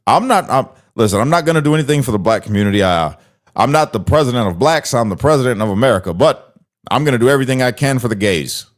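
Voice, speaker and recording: A man putting on a mocking impression of a former male president who gives a smooth political speech. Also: medium pitch, lively intonation, quick pace, close to an everyday voice.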